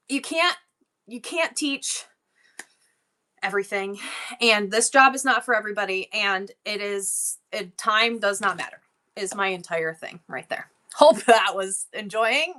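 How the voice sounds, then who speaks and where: Bright, chatty woman livestream host. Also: fairly high pitch. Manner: rambling, tangent-prone, effusive thanks. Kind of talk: casual livestream chat reading viewer comments.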